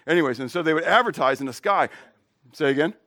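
A middle-aged male pastor delivers a sermon as casual talk, pausing to ask the congregation questions and slipping in jokes and stories of his own. His voice sits a little high for a man and moves about with plenty of lift and drop. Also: animated, sharp tone. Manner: conversational, asks the congregation questions; jokes and tells personal stories.

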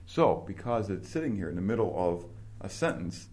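A man with a somewhat low voice leads a small class through grammar. He asks questions and explains each point patiently. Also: sing-song, normal speed, darkish tone. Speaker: Greek teacher. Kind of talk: classroom instruction.

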